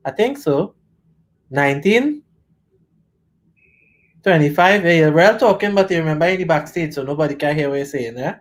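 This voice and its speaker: A woman's voice: low voice, lively intonation, moderate pace. A woman hosting a casual live-stream interview, chatty and joking, rambling as she goes. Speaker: host.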